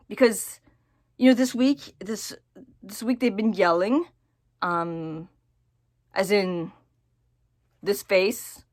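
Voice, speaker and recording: A woman talking casually to camera in a personal vlog, halting and repeating her words as she thinks aloud. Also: mid-range voice, a bit bright, no room sound, clean studio sound. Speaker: vlogger.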